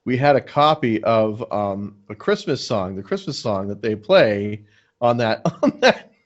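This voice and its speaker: A man's voice: lowish voice, animated, unhurried. A man co-hosting a podcast, chatting casually in a jokey, easygoing way. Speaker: podcast co-host. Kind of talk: casual chat. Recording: dull lo-fi sound.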